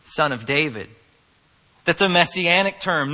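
A man preaching a sermon, moving from quiet, conversational asides to loud, emphatic declarations. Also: a little high, expressive, unhurried. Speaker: pastor. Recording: long hall reverb.

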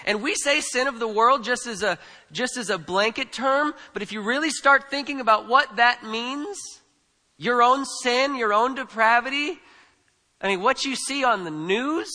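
An extremely high-pitched man with a sharp tone preaches at normal speed, his words carried by long hall reverb. The pastor talks to the congregation conversationally yet emphatically, with frequent repetition and tag questions such as "right?".

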